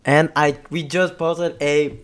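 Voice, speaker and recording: A man hosting a casual sports podcast, upbeat and chatty, with a slightly hoarse voice. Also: a little high, steady tone, takes it slowly. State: a bit hoarse. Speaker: podcast host.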